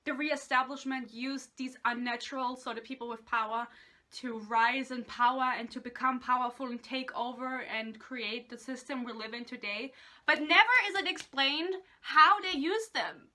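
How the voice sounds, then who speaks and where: A woman's voice: high voice, normal speed, sharp tone. A woman in a casual book rant, exasperated, swearing often and laughing between points. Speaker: book reviewer.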